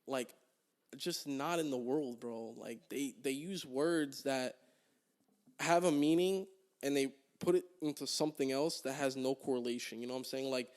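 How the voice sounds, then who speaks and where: A man's voice: mid-range voice, moderate pace, a little mellow. A young man, a podcast guest, telling a long profane story in casual chat and acting out the people he quotes. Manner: profane storytelling, quoting others in raised voices.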